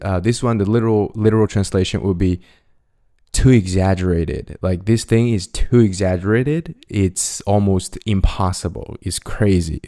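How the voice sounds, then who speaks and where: A man's voice: sits low, dark tone. A man giving a casual slang lesson, explaining each word with examples. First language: Chinese. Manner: explains with examples, switching between languages. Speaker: language teacher.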